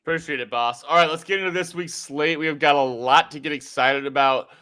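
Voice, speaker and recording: A man's voice: on the high side, brisk, pushed and bright, clean tone. A man hosting a casual sports podcast, rambling and joking with lots of fillers. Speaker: podcast host. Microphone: podcast mic.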